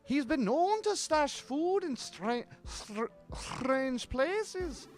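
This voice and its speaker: A man voicing a chirpy young female housekeeper in a high falsetto, teasing and drawn out. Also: big pitch swings, drawn-out words, soft background music, full character voice.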